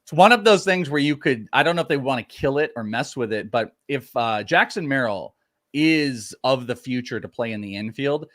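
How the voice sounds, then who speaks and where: A man's voice: mid-range voice, animated, normal speed, a bit bright, dry recording. A man co-hosting a live fantasy baseball stream, hitting the key stats with punchy emphasis. His voice sits in an ordinary middle register, recorded close and dry with almost no room around it. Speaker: co-host, prospect analyst.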